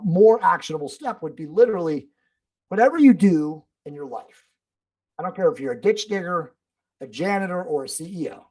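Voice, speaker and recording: A man's voice: fairly high pitch, low-quality recording. A man as a podcast guest, talking in a blunt, emphatic way, swearing and calling the host bro and dude. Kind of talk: casual interview talk.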